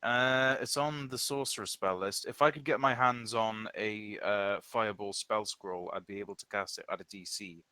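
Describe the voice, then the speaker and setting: A man's voice: fairly low pitch, fairly even intonation, moderate pace, few pauses, pushed and bright, clear, resonant tone, dry recording. A man playing in a tabletop game, thinking aloud as he reads spell rules and weighs his options. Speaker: player. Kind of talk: casual tabletop game chat.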